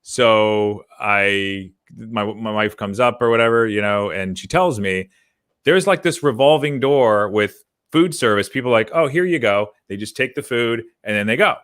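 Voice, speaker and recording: A man co-hosting a business podcast in casual chat, telling stories in an animated way that gets heated. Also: on the low side, moderate pace, clear, resonant tone, no echo, clean studio sound. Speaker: podcast co-host.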